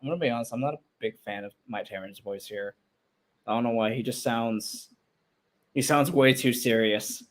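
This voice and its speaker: A young adult creator talks over their old fan video in a mid-pitched voice. They poke fun at their past work with laughter and plenty of swearing. The tone is loose and casual. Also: moderate pace. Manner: self-mocking, laughing at own past work, swears freely. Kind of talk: casual, profane commentary.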